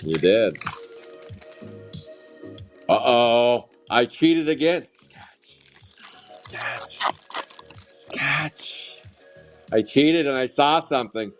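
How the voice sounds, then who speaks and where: A man hosting a live trading card break, calling out pulls with loud, excitable, jokey hype. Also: mid-range voice, extremely slow, long pauses. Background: faint music.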